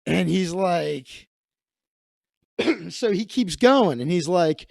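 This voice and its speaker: Animated male comedian telling a story in a high voice, close dry recording. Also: extremely slow, vocal fry, pauses often, no room sound. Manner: animated, acts out the voices of the people in his story.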